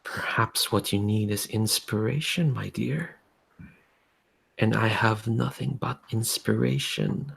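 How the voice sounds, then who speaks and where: Guy doing a creepy coaxing spirit stuck in a crypt, gravelly and slow. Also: on the low side, fairly even intonation, heavily acted. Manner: soft, slow, sweet-talking. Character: trapped cathedral spirit, coaxing and seductive.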